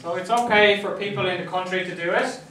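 Male lecturer, conversational, slightly high-pitched, recorded from afar in a roomy classroom with faint hiss. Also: fast talker, fairly bright tone. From Ireland. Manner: conversational, checks in with "right?" often. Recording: echoey classroom, mic at a distance.

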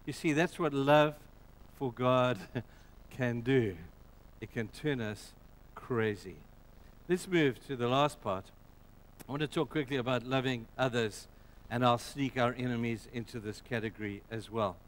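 A man's voice: mid-range voice, measured pace. A man preaching a sermon in an emphatic, storytelling way with conversational asides.

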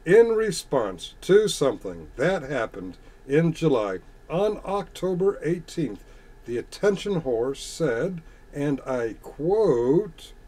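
A man with a fairly high-pitched voice rants back at his chat, reading out comments and answering with biting sarcasm. His talk is casual and full of swearing, combative and mocking. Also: very animated, takes it slowly, dark tone. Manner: reads chat messages aloud and retorts. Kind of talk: casual ranting monologue.

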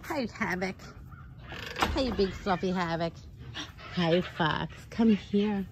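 A woman's voice: lowish voice, takes it slowly, very noisy. A woman caring for foxes at a sanctuary, chatting to them in a cooing pet voice outdoors. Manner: coos and chats to the foxes in a sing-song pet voice. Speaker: fox sanctuary caretaker. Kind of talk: casual talk to animals while filming. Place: outdoor animal enclosures.

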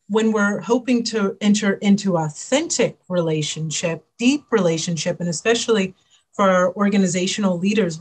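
Woman consultant on a panel, measured and thoughtful, mid-range voice. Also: medium pitch. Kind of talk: panel discussion.

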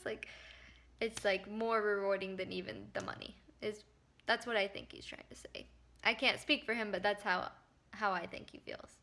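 A woman's voice: medium pitch, pushed and bright. A woman adding a casual voice-over as the video's editor, giggly and explaining with many "like"s.

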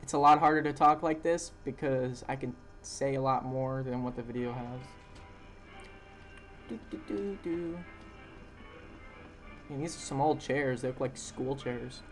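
A man's voice: medium pitch, flat delivery, normal speed, hardly any pauses, faint music behind. A young man casually narrating a recorded video game session, rambling and correcting himself as he goes. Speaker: gameplay narrator. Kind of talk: casual let's-play voice-over. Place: home room with dogs.

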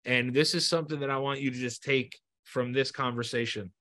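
This man's voice is mid-range and pushed and bright, with fairly even intonation and a slightly fast pace. As a podcast host in a heartfelt interview, he talks earnestly and encouragingly, repeating himself and cursing freely.

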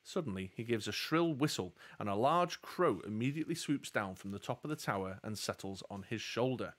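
A man's voice: lowish voice, brisk. Man narrating a gamebook. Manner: steady storytelling with jokey asides. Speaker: game master reading a gamebook. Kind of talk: narrating a gamebook live play.

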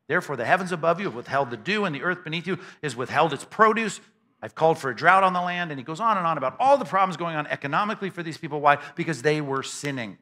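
A man preaching a sermon as pastor to a congregation in a church, emphatic and conversational, often repeating words in quick bursts. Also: sits high, bright, forceful tone. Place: church sanctuary before a congregation.

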